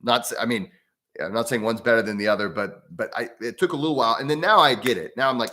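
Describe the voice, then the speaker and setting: A man's voice: medium pitch, lively intonation, brisk, bright, forceful tone. An American man hosting a casual livestream about breathwork, rambling with many restarts and chatting with viewers. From United States. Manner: reads out viewer comments and chats with them. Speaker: breathwork channel host.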